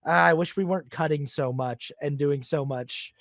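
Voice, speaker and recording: A man hosting a casual film podcast, animated and often acting out characters in silly quoted voices. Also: on the high side, moderate pace, gravelly, no room sound, studio quality. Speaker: podcast host.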